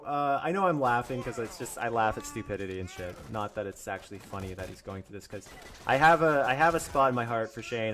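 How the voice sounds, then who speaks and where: A man's voice: on the low side, fairly bright tone. A young man ranting on his own live stream, angry and profane, mocking others in put-on voices and laughing often.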